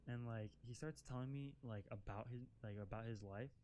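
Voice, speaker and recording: A man's voice: medium pitch, normal speed, a little mellow, a little hiss or hum. A young man telling a casual storytime as a vlogger, rambling, swearing and leaning on "like" constantly, while out driving an off-road vehicle. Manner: rambling, profane, filler-heavy with constant "like".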